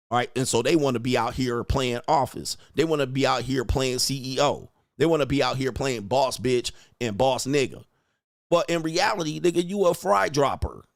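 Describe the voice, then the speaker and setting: Here a man with a medium-pitched voice hosts a livestream as a relationship coach, mocking and cursing emphatically while cracking himself up. The sound is clean studio audio with no echo.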